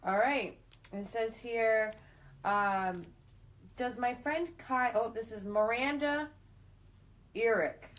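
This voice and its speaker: A woman's voice: fairly high pitch, slow, long pauses. Lady reading out chat questions on a live stream, matter-of-fact. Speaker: co-host reading viewer questions. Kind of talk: reading comments aloud.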